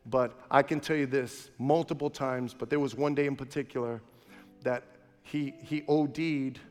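A man's voice: medium pitch, steady tone, normal speed. A male pastor preaching a sermon in an impassioned storytelling manner, in a large church sanctuary. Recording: long hall reverb with faint music.

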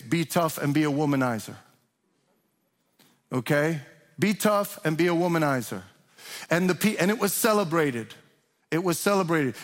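A man preaching a sermon as pastor, passionate and emphatic, pressing his points with rising questions. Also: on the high side. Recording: long reverb of a large hall.

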